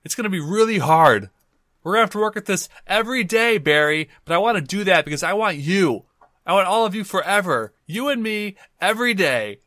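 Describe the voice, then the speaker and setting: A man's voice: fairly low pitch, fairly even intonation, measured pace, long pauses, no echo, studio quality, close to an everyday voice. A man voicing a theatrical, lovestruck male adventurer who makes overwrought pleas in a tabletop game. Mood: pleading. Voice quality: overwrought melodramatic pleading.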